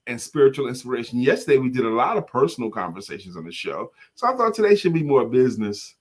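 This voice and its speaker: A man's voice: medium pitch, big pitch swings, fast. A man co-hosting a casual morning show, chatting and breaking into short sung jingles for viewers. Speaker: co-host.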